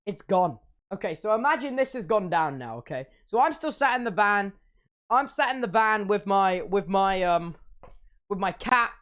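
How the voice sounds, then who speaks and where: A man's voice: high-pitched, animated, normal speed, fairly bright tone. A young man streaming, telling a playful, exaggerated story and slipping into silly voices.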